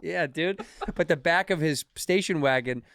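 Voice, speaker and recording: A male podcast co-host in casual comedic chat, tossing in quick profane wisecracks and telling his own stories. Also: on the high side, vocal fry, a bit bright, clean tone, dry recording, clean studio sound.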